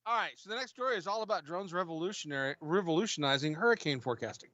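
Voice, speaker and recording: A man's voice: on the high side, animated, very fast, pushed and bright, no echo, dull audio. A man co-hosting a casual livestream, reading drone news stories aloud with frequent fillers and restarts.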